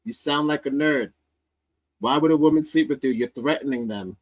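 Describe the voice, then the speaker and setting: A man's voice: fairly high pitch, moderate pace, low-quality recording. A man hosting a comedy podcast, riffing loosely with laughter and profanity. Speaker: podcast host. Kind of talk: casual comedic commentary.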